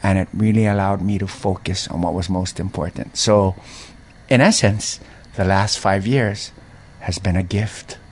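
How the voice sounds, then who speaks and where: A man's voice: low voice, a little slow, breathy edge. A middle-aged man, a former mayor speaking as an interview guest and telling personal stories with feeling. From Hawaii. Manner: animated storyteller, voices others' reactions, frequent laughs. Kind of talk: heartfelt conversational storytelling.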